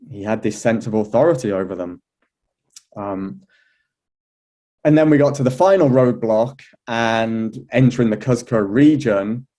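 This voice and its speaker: A man, an astrology teacher, telling a personal story in a relaxed, chatty way, with many fillers, restarts and an occasional laugh. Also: on the low side. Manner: laughs now and then. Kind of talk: relaxed anecdotal talk.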